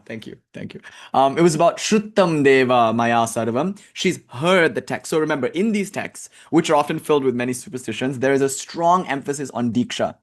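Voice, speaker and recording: A young man giving a casual, animated talk on spiritual texts as a teacher, wandering into tangents and jokes. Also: medium pitch. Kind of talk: casual lecture on scripture.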